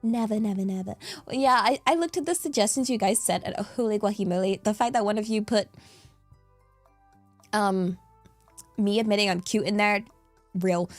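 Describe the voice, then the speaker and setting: A woman's voice: medium pitch, normal speed, long pauses, no room sound, soft background music. A British woman streaming, chatting casually with viewers in a playful, giggly way that swoops up into squeals. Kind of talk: casual livestream chat answering viewers.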